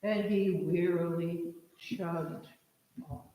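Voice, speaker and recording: A woman telling an expressive children's story during a church service, leading the listeners along. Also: on the low side, extremely slow, muffled recording. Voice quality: animated, expressive. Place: large church sanctuary. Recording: echoey church hall.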